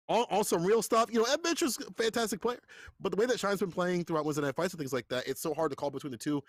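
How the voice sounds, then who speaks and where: A man casting a fighting-game tournament live, hyped and playful and quick to laugh. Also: on the high side, no room sound, clean studio sound. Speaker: esports commentator.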